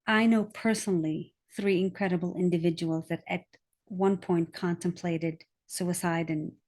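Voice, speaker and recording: A woman hosting a podcast who responds to her guest softly and appreciatively. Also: fairly low pitch, fairly even intonation, normal speed. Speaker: podcast host. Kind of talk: conversational interview.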